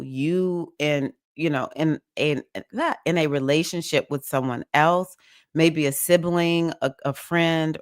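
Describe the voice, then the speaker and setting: A low-voiced woman reads the week's astrology on a casual livestream, warmly greeting viewers by name in a chatty, emotional way. The sound is clean studio audio with no echo.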